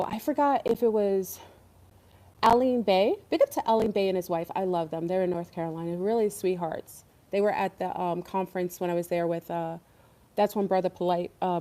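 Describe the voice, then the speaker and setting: A woman's voice: lowish voice, mellow. A woman hosting an online talk stream, rambling and emphatic, with many fillers. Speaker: online show host. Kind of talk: casual livestream talk.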